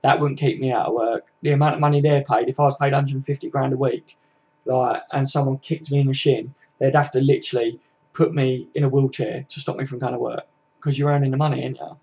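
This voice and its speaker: A man's voice: medium pitch, steady tone, fast, vocal fry, darkish tone, muffled recording. A young man with a southern English accent, hosting a football live stream in casual, slangy chat full of tag questions as he answers viewer comments.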